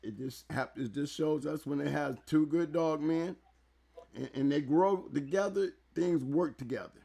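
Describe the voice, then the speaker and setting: Excitable man hosting, gravelly voice. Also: on the high side, moderate pace. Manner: excitable, loud, repeats words. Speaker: talk show host. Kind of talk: casual interview talk. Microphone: handheld mic held close.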